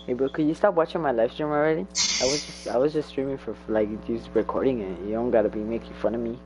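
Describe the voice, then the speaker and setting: A man's voice: medium pitch, fairly even intonation, quick pace, music in the background, low-quality recording. A young man giving casual gameplay commentary while he streams, laughing often and trash-talking playfully. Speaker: gamer streaming his play.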